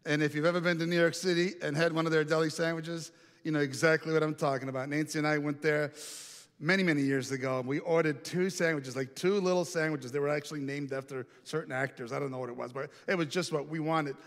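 A man's voice: a little high, steady tone, fast, fairly bright tone. A man preaching a sermon, telling a story in a conversational way and asking the congregation questions. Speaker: pastor. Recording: echoey hall reverb.

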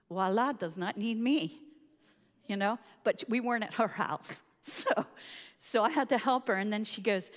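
Lively woman telling a funny personal story, pokes fun at herself, echoey hall. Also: mid-range voice. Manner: lively, self-mocking, laughs often.

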